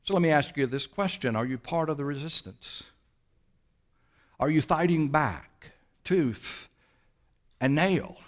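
Man, pastor, sermon, emphatic, rhetorical questions, quick bursts then slow drawn-out phrases. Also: a little high, animated.

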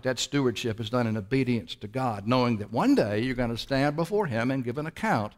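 A man preaching a sermon as pastor, pressing his listeners with rhetorical questions and shifting between quick bursts and slow, drawn-out phrases. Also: medium pitch.

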